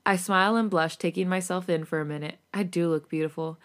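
A woman podcast host reading romantic fan fiction aloud. Her voice sits on the low side, and the reading is casual, animated, and now and then giggly. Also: quick pace.

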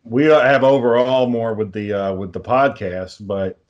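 A man's voice: mid-range voice, steady tone, normal speed, lo-fi sound. A man co-hosting a podcast in casual chat, giving rambling explanations full of fillers and frequent swearing. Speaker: podcast co-host.

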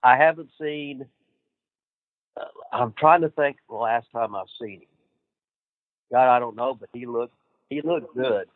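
A man who trains wrestlers, telling profane, animated road stories as a guest. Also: mid-range voice, measured pace, long pauses, no echo. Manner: profane, animated, laughs at his own stories. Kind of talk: casual storytelling interview. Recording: dry tinny phone-like line.

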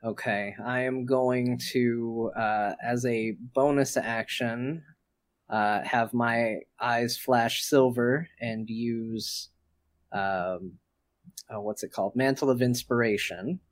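A man playing a tabletop game, describing his character's actions deliberately and hesitantly, with many fillers. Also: mid-range voice, fairly even intonation. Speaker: player.

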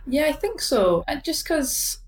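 A woman's voice: sits high, sing-song, a little slow. A Scottish woman in her late twenties, a badminton player speaking as a guest, talking thoughtfully with hesitations, fillers and restarts. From Scotland. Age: late 20s. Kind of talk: casual interview chat. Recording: roomy sound from a distant mic.

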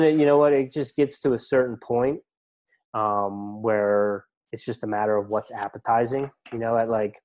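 A middle-aged ultramarathon runner and coach, appearing as a podcast guest, talks casually and rambles with lots of fillers and restarts. His voice is medium-pitched and a little mellow.

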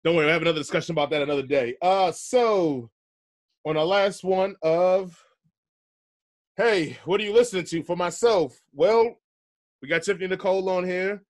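A man hosting a casual music chat, relaxed and slangy, laughing often. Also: sits high, moderate pace. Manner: laid-back slangy talk, laughs often. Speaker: podcast host.

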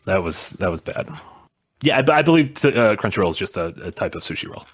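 A man's voice: sits low, very animated, fast talker, slightly rough, no room sound. A man co-hosting a casual stream, talking in a loose, rambling way full of fillers. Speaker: co-host.

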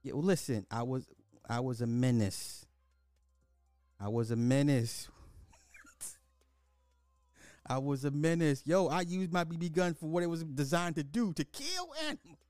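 Middle-aged man, podcast host, loose animated storyteller, dry close mic, faint music under him. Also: a little high, a little slow, pauses often, no room sound. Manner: animated storytelling, laughs often, swears. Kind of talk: casual chat.

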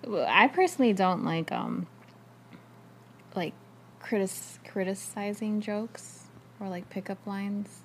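Woman, podcast co-host, inquisitive, casual, mid-pitched, faint background noise. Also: takes it slowly, pauses often. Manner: inquisitive, questioning.

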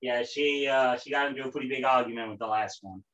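A man's voice: mid-range voice, quick pace, a bit bright, muffled recording. A young man hosting a casual podcast, profane, rambling and exasperated. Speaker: podcast host.

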